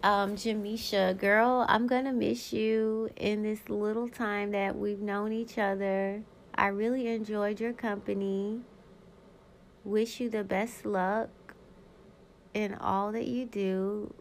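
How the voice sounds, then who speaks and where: A woman's voice: mid-range voice, level tone, slow pace. A woman in her thirties hosting her own podcast, talking candidly and emphatically to her listeners in a casual monologue, sometimes reading old yearbook notes aloud. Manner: candid, profane and emphatic, talks straight to listeners. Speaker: podcast host.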